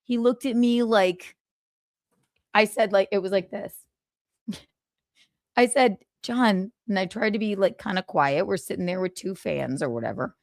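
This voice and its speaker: A woman's voice: medium pitch, measured pace, pauses often, darkish tone, no echo, clean studio sound. A woman host telling a story in a casual livestream monologue, swearing freely and acting out both sides of the exchange. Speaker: podcast host.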